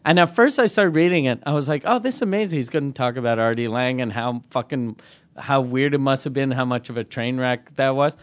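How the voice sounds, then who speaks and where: A man co-hosting a casual podcast, relaxed and profane, laughing often. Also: medium pitch, brisk. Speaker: podcast co-host. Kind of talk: casual chat.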